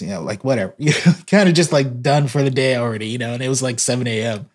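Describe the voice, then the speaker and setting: A man's voice: medium pitch, a little fast. A man, a guest on a podcast, telling an earnest story about his work in church broadcasting. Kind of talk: casual podcast conversation.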